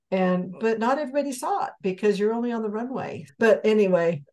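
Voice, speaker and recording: A woman's voice: mid-range voice, brisk, dark tone. A woman hosting an interview and responding to her guest's story. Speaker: host. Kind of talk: interview chat.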